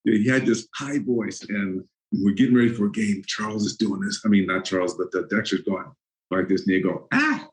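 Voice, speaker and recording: Older male guest, low voice, chatty storyteller who laughs a lot and acts out moments. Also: steady tone, brisk, low-quality recording. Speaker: former pro football player, guest. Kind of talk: casual interview storytelling.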